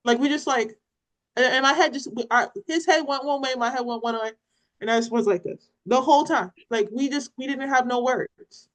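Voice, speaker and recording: Woman on a parenting podcast, kinda high voice, telling a story all animated and casual. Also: normal speed, rough recording. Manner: animated, retells scenes with acted-out quotes and laughter.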